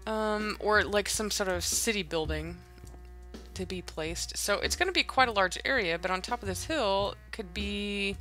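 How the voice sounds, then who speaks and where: Woman, casual gameplay chat, bright tone, musing and giggly, faint background music. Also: medium pitch, normal speed. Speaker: Minecraft let's-play host.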